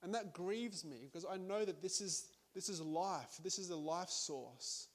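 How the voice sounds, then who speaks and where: A man's voice: high voice, unhurried. A man preaching a sermon in a conversational way, with laughing asides and frequent restarts.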